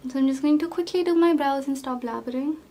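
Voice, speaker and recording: A young beauty vlogger rambles through her makeup routine in a chatty get-ready-with-me talk, full of fillers and self-deprecating asides. Her voice is high and mellow, and she talks fast.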